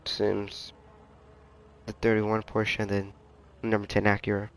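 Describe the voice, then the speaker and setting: Easygoing low-voiced male race streamer. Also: gravelly. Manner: rambling, easygoing, mutters asides. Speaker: race league commentator. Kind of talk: casual live-stream commentary. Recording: faint background noise.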